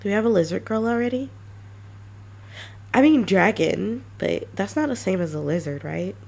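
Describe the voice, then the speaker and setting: A woman streamer chatting casually and brainstorming ideas, halting with many restarts. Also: mid-range voice, expressive, creaky, darkish tone. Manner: halting, many restarts, self-mocking laughs.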